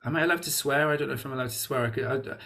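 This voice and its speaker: A man's voice: medium pitch, racing, sharp tone. A Welsh man being interviewed as a guest, talking in a reflective way and often restarting his sentences with "you know". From Wales. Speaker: guest, actor. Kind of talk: casual interview chat.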